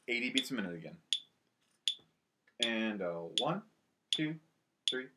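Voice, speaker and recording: A man's voice: mid-range voice, lively intonation, measured pace, sharp tone. A man teaching a band lesson from home, explaining the music in an upbeat way and counting aloud to the players. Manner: upbeat, counting aloud and calling out over drums. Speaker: school band director.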